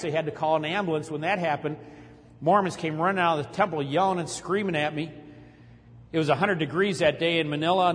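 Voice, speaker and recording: A man with a fairly high pitch and fairly bright tone preaches a sermon built around a dramatic story. His voice rises as he preaches, and the recording has a long hall reverb.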